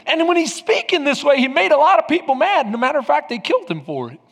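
A man's voice: very high voice, big pitch swings, fast talker, fairly bright tone, long reverb tail. A male pastor preaching a sermon to his congregation, asking them rhetorical questions. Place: church sanctuary.

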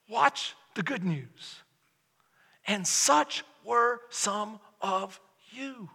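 A man's voice: very high-pitched, gravelly, sharp tone, long reverb tail. A pastor man preaching a sermon, emphatic and rhetorical, often mocking the other side's words. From Texas. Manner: emphatic, rhetorical, mock-quotes opponents. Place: church sanctuary.

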